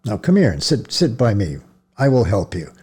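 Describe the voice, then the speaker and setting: A man reading a novel aloud, voicing a grieving male priest who swings from harsh commands to gentle coaxing. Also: sits low, very animated, moderate pace, husky, exaggerated voice. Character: male priest, grieving, stern then tender. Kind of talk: audiobook character voice.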